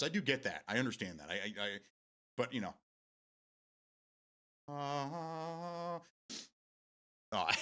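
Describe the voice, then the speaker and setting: Lively, rambling American guy. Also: mid-range voice. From United States. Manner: rambling, laughs often. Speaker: live-stream host. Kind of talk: casual chat with viewers.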